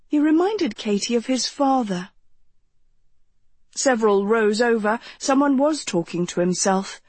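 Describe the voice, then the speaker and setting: A woman narrates a novel in a slow, steady storytelling voice. Her tone is soft and a little husky, recorded close and dry in a quiet booth. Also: fairly high pitch, dry recording. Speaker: audiobook narrator. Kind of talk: scripted narration.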